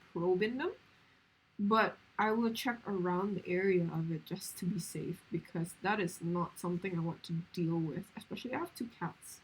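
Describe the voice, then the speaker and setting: A woman's voice: medium pitch, slight background noise, rough recording. A woman streamer telling a story in casual chat, rambling along with lots of fillers.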